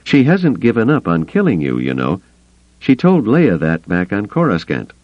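A man voicing a gruff, sardonic middle-aged smuggler pilot who growls his blunt remarks, in an audiobook. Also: on the low side, wildly swooping pitch, normal speed, no echo, lo-fi sound, voice pushed up. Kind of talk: audiobook character voice.

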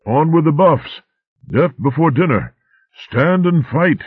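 A man's voice: on the low side, sing-song, a little slow, dry recording, pitched above the performer's own voice. A man voicing a blustering male hare warrior in a storybook, talking in a bluff, hearty way with old-fashioned slang. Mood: battle-crazed. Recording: tinny narrow-band recording.

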